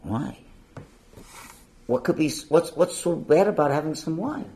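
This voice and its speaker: A man voicing a sly tempting serpent in a hushed, wheedling tone while telling a story in a lesson. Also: on the high side, expressive, unhurried, a little hiss or hum. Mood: coaxing.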